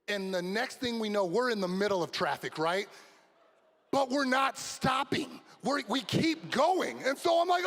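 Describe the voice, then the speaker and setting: A high-voiced man tells a story at a graduation ceremony, building excitement and shouting at the wild moments. His voice carries the long reverb of a big venue. It is a speech to a crowd, not a chat. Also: normal speed, creaky. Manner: animated, shouting the exciting parts. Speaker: graduation speaker. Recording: long reverb of a large hall.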